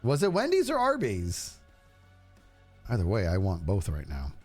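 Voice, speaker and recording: Lively rambling male streamer. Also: lowish voice, a little slow, husky, soft background music. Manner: rambling, chatty, talks to viewers. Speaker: livestreamer. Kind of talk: casual gameplay stream chat.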